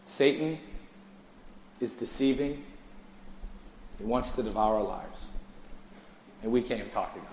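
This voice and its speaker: A man preaching a sermon, his delivery swinging between hushed intensity and loud, lively storytelling. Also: medium pitch, measured pace, long pauses. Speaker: pastor. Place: church sanctuary. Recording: echoey church hall.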